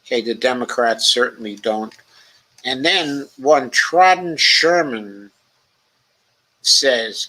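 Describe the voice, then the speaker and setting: A man's voice: medium pitch, expressive, takes it slowly, pauses often, bright, forceful tone, rough recording. A man hosting a political livestream, reading viewer comments aloud and answering them with casual remarks and frequent fillers.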